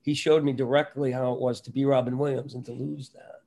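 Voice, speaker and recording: A man's voice: medium pitch, flat delivery, brisk, vocal fry, warm tone. A middle-aged man, a comedian and impressionist, talking animatedly and self-deprecatingly in an interview. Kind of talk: casual interview talk.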